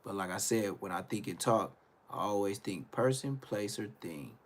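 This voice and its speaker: A man hosting his own live stream, talking in a casual, blunt and profane rant that rambles, trails off and restarts, swinging between low mutters and loud outbursts. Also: normal speed, slight background noise.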